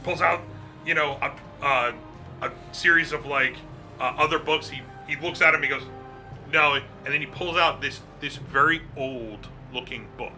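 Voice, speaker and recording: A man with a very bright, sharp voice narrates a tabletop game as game master, casual and loose, swearing now and then. Soft music plays behind him. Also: mid-range voice, moderate pace.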